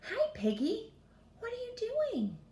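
A woman voicing a gentle, cautious young male elephant in a storybook, hesitant and earnest. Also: very high voice, wildly swooping pitch, unhurried, creaky, recorded from a distance, voice pushed up, heavily acted. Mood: friendly. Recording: roomy echo, faint noise.

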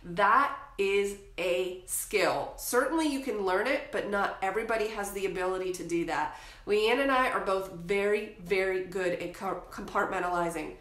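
A middle-aged woman hosting a photography show, giving frank, energetic advice and laughing easily. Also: mid-range voice, moderate pace, roomy sound. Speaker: photography educator and podcast host. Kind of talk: candid advice talk.

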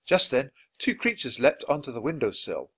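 A man's voice: medium pitch, normal speed. Man reading a children's book. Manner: clear, steady reading at natural speed for learners. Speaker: storybook reader.

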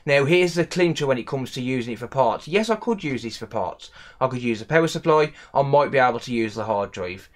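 A man's voice: medium pitch, animated, fairly quick, hardly any pauses. A young man with a West Midlands English accent, an electronics repair technician ranting in a casual vlog, annoyed and repeating himself. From England.

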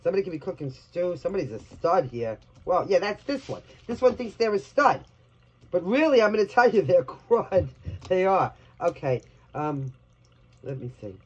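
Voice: medium pitch, big pitch swings, normal speed, husky, lo-fi sound. A tarot reader from Brooklyn giving a casual reading, blunt and chatty, swearing freely. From New York, Brooklyn.

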